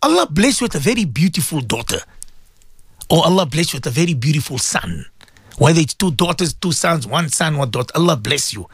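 A man's voice: a little high, very animated, fairly quick, slightly rough, no room sound, studio quality. A man hosting an Islamic radio show, preaching with passion, asking rhetorical questions and repeating himself for emphasis. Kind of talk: impassioned religious radio talk.

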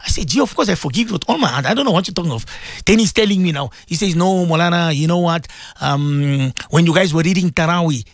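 A man with a high voice hosts a religious radio talk. He tells a long personal story, repeating phrases and mixing in Urdu and Arabic words, then presses his listeners to act. The sound is close and dry. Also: lively intonation, quick pace, dry recording. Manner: emphatic, preaching exhortation. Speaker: radio presenter and imam. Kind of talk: radio talk with Islamic advice.

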